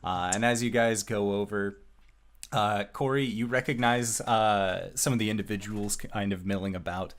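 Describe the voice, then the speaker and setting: A man narrating as game master of a tabletop game, slow with many filler sounds. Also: lowish voice, fairly even intonation.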